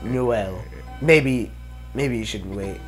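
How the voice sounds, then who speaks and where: A man's voice: lowish voice, slow, soft background music. A man voicing a joking, bedridden middle-aged reindeer father in an easygoing, teasing way. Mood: gentle.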